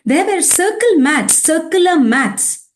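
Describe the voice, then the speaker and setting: Animated high-voiced woman trainer. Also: slow, a little hiss or hum. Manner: animated, acts out child and teacher voices. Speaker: teacher trainer. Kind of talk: training workshop lecture.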